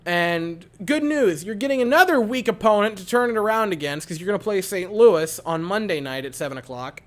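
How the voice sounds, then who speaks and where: A man giving an animated post-game reaction to a hockey game, repeating his points for emphasis. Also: sits high, a little fast. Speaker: hockey fan commentator.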